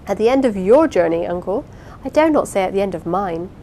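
A woman voicing a quiet, anxious young woman, speaking earnestly and a little higher than her narration. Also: expressive, a little fast, slight background noise, lightly acted.

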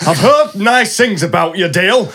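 A man voicing a gruff older auntie who sounds like an old man, with a put-on Yorkshire accent and a husky voice. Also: high voice, very animated, normal speed, bright, forceful tone, pitched above the performer's own voice, full character voice. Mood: gruff teasing. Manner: gruff, mock-menacing.

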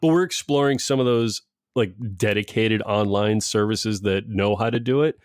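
A man's voice: fairly low pitch, normal speed, clean tone, no echo, studio quality. A middle-aged man and father talking casually, rambling with frequent restarts and laughs. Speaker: parent discussing schooling. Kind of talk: casual conversation.

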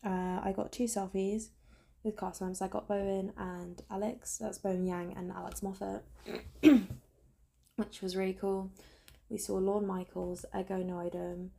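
Woman, croaky, raspy, gravelly, rambling casual vlog chat, self-deprecating. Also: medium pitch, little pitch movement, measured pace, mellow. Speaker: vlogger.

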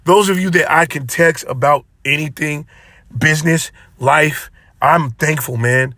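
A man's voice: on the high side, measured pace, bright, forceful tone, dry recording, clean studio sound. A man hosting his own podcast alone, talking in an impassioned, preachy way and repeating phrases for emphasis. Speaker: podcast host. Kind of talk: solo motivational podcast talk.

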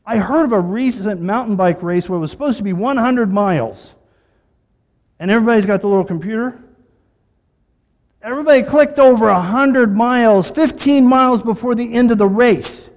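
High-voiced man preaching in a reverberant hall. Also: moderate pace. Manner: conversational, with personal asides and rhetorical questions. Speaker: pastor. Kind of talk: sermon. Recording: long reverb of a large hall.

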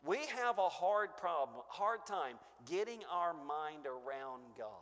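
A man preaching a sermon, emphatic, swinging between booming stresses and hushed asides. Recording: long echo of a church hall.

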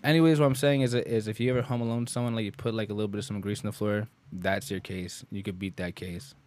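A young man co-hosting a podcast, telling animated stories in casual chat, with lots of swearing and fillers. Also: lowish voice, fast. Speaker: podcast co-host.

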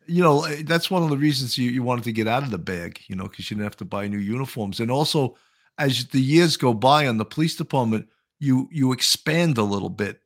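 A man in his sixties, a former police officer hosting a podcast, chatty and animated, laughing often. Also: medium pitch, a little fast. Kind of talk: casual podcast chat.

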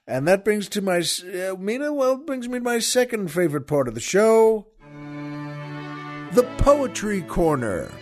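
A man's voice: high-pitched, very animated, normal speed, hardly any pauses, faint music behind. An older man hosting, telling a joke in a rambling, folksy, chuckling way. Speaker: host.

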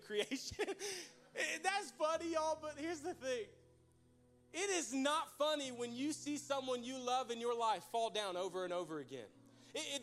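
A man's voice: very high-pitched, fairly bright tone. A young man preaching a folksy, joking sermon to his church. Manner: folksy, joking, addresses crowd as y'all. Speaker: pastor.

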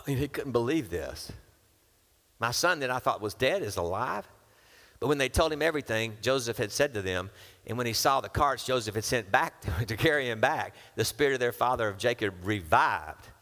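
A man's voice: medium pitch, a bit bright. A man preaching a sermon, reading scripture and breaking into casual asides where he acts out the characters. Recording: long hall reverb.

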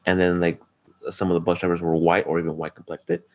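Deep-voiced man telling rambling stories. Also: little pitch movement, fast talker, darkish tone. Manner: rambling, profane storytelling with acted-out quotes. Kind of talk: casual chat.

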